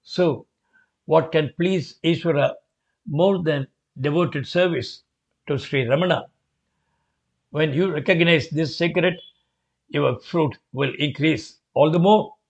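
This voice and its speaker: Man reading as earnest devout scholar, slow, slightly high voice, lo-fi. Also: vocal fry. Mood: reverent. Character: devout male scholar, respectful and exultant. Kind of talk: reading a devotional memoir aloud. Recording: dull lo-fi recording.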